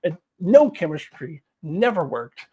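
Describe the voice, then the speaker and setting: A woman talks straight to the camera in a casual review. She is animated and exasperated, and her laughter keeps breaking through as she argues her points. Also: lowish voice, a little slow, slightly rough.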